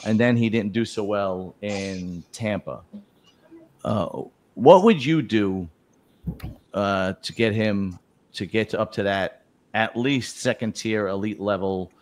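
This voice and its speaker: A male host of a live-streamed talk show, swearing freely and breaking into loud laughter. He keeps the banter crude and casual and throws questions at his guests. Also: lowish voice. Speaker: podcast host. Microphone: live stream mic.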